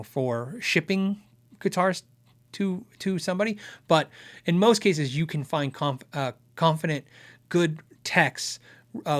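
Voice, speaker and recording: This man hosts a guitar tech channel, taking viewer questions in live-stream chat with a mid-range voice. Earnest, he thinks aloud and restarts many times.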